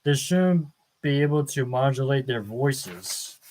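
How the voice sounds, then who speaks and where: Scared young woman in an audiobook, guy narrator doing her, tense and urgent, slow. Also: mid-range voice, expressive, a little mellow. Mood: alarmed. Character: frightened young woman, anxious heroine.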